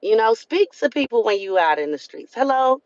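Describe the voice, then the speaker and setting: Her medium-pitched voice has a sing-song lilt, a slightly quick pace and a somewhat dark tone, with no echo around it. She's a Southern US woman hosting a live stream, earnestly preaching motivation and repeating phrases for emphasis, captured in dull lo-fi sound.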